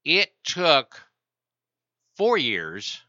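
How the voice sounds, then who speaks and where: A man's voice: fairly high pitch, wildly swooping pitch, very slow, pushed and bright, no echo, highs cut off. A man hosting a call-in radio talk show, explaining markets in a rambling way with many restarts.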